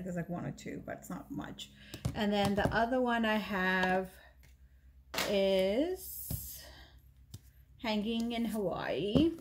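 A woman's voice: medium pitch, background noise. A woman beauty vlogger talking casually as she shows her makeup, chatty and rambling, often correcting herself mid-sentence. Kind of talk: casual chat showing makeup.

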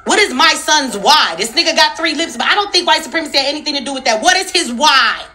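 Fierce throughout, a young woman commentator tears into her topic online, leaning on curses and pointed rhetorical questions. Her voice is bright and tense with wide pitch movement, animated and quick-paced.

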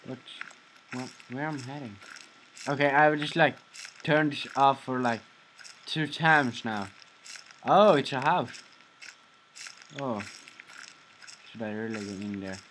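Young guy playing a scary game, slow muttery talk, bright edgy tone, bit of faint clicking noise. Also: medium pitch, poor audio. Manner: jumpy, talks to the game, mutters then shrieks. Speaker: gamer. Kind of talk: horror game commentary.

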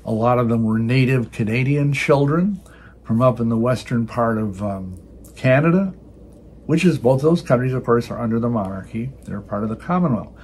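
A man's voice: medium pitch, expressive, normal speed, a little mellow, a little hiss or hum. An older man hosting a religious video, giving emphatic preaching commentary and often repeating words as he restarts. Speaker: Christian video host.

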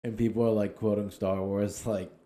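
A young New man with a low, mellow voice chimes in with short, profane interjections. His manner stays laid-back throughout the casual podcast chat. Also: flat delivery, moderate pace. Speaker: podcast co-host.

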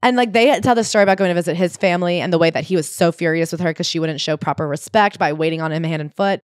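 Fast-talking woman retelling a memoir. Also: lowish voice, no echo, clean studio sound. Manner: animated retelling, swearing, quoting people. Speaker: podcast co-host. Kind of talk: casual book-club chat.

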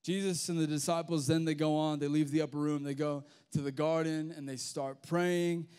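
A young man with an Australian accent preaching to a youth group in a casual, animated storytelling manner with slang. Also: fairly high pitch, moderate pace, clean tone. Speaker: youth pastor. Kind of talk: sermon with storytelling.

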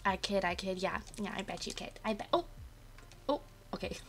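Streaming from her apartment on a desk mic, a woman chats casually with her live viewers, her voice a little dry and coughy since she just woke up. She sounds bubbly and talkative, greeting viewers by name in an expressive, medium-pitched voice at a slightly quick pace.

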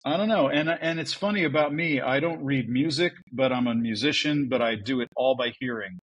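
A man who works as a voice actor, telling stories in a casual podcast interview, animated and full of restarts. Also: medium pitch, a little fast, breathy edge, poor audio. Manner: chatty storyteller, animated with restarts. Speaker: voice actor guest.

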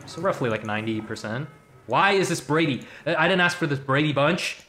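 A man's voice: on the high side, lively intonation, fairly quick, sharp tone, soft background music. A young man streaming a mobile game, joking and rambling with lots of fillers and slang. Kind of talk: casual gacha stream commentary.

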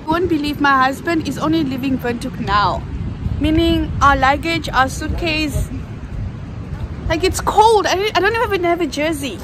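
A woman from Namibia, a mother vlogging a family trip in a chatty, excitable way and laughing often. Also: high voice, moderate pace, background noise. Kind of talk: casual travel vlog to camera.

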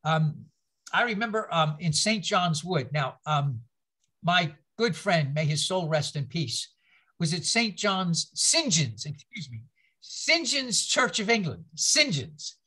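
A man's voice: on the high side, very animated, takes it slowly, pushed and bright, slightly rough. An older man giving a conversational Bible-class lecture. He tells rambling stories with self-mocking humor, and he often repeats words and restarts his sentences.

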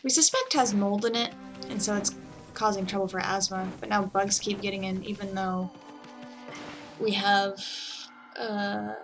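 A woman's voice: mid-range voice, fairly even intonation, measured pace, fairly bright tone. A woman chatting casually with rambling asides while playing a video game at home. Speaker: let's player. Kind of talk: casual gameplay commentary. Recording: game music behind voice.

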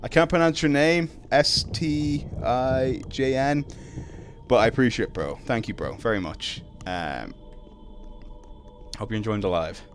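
Lively young Irish man streaming a game. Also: on the low side, moderate pace, a little hiss or hum. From Ireland. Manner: casual, reads chat aloud, yelps when startled. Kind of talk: live gameplay stream chat.

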